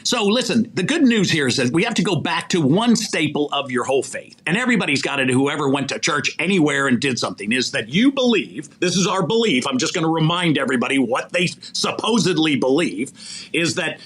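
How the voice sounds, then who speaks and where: Male podcast guest, recruiter type, sermon-like motivational talk, lively swinging pitch, breathy edge. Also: brisk. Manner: animated, preachy, asks rhetorical questions. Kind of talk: faith-centered motivational conversation.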